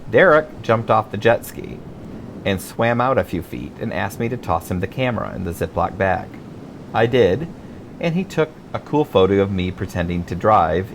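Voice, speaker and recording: A man's voice: sits low, creaky, slight background noise. A man reading his own memoir aloud as an audiobook, with wry, self-mocking humor and theatrical emphasis. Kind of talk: audiobook narration.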